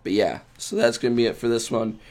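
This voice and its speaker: A man co-hosting a casual podcast, hoarse and rough-voiced from being sick, rambling in a loose, joking way. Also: mid-range voice, fairly even intonation, quick pace, a little mellow. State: hoarse from a cold. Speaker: podcast co-host.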